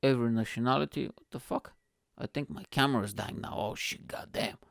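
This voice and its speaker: A man's voice: on the low side, normal speed, creaky, a bit bright, dry recording, clean studio sound. A man hosting his own comedy show, rambling through profane, self-mocking asides. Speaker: comedian and podcast host. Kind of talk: casual comedy monologue. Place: at home.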